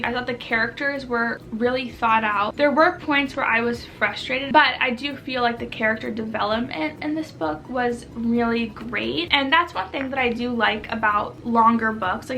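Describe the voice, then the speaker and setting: A young woman with a high, bright voice gushes through a casual reading vlog, rushing her words and running short of breath. She swings between excited squeals and hushed, emotional confessions. The recording is at home indoors and has a faint hiss underneath. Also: vocal fry. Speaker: vlogger.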